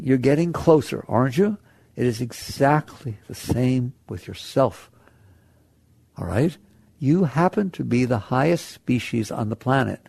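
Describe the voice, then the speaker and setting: A man speaks to an audience as a spiritual teacher, his voice sitting a little high with a gravelly edge. He talks in a loose, conversational way, laughing often and throwing rhetorical questions at his listeners. The recording is dry, with no room sound. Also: mellow, no echo.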